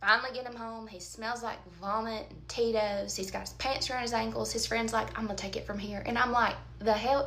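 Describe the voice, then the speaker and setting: A woman, telling a storytime tale casually, with animated, dramatic emphasis and quoted asides. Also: a little high, brisk, few pauses. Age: 30s.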